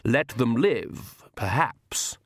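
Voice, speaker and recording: A man's voice: medium pitch, animated, extremely slow, no echo, studio quality, exaggerated voice. A man doing a condescending vampire count. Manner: heavy patience, condescending. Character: slow, patronising aristocratic male vampire count.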